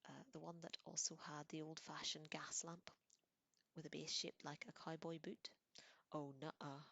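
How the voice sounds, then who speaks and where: A woman reads a novel aloud, soft and often half-whispered, and she adds casual asides now and then. Her voice is low with a gravelly edge. The sound is close and dry. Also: flat delivery, moderate pace, dry recording. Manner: casual asides between passages. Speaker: audiobook reader.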